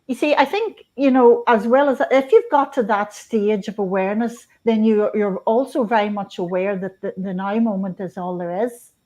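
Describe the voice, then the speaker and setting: Woman guest, soft mellow tone, slow reflective spiritual musing, lots of restarts. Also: medium pitch. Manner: unhurried, many restarts and fillers. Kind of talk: reflective spiritual talk on radio.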